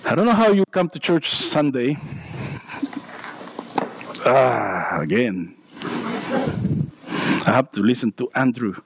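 A man's voice: mid-range voice, lively intonation, slow, long pauses, a little hiss or hum, rough recording. A man with a non-native English accent preaching a sermon in church, joking about himself and restarting his sentences often. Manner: self-deprecating, jokey asides, stammering restarts.

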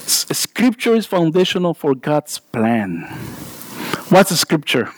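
High-voiced preacher with a non-native accent. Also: male voice, very animated, a little slow, rough recording. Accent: non-native English. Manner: self-deprecating, jokey asides, stammering restarts. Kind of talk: sermon. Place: church.

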